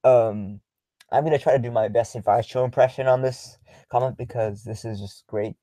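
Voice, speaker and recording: A young man hosting a casual livestream, reading viewer comments aloud in a halting way with many filler ums and small chuckles. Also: medium pitch, steady tone, warm tone, no room sound, poor audio.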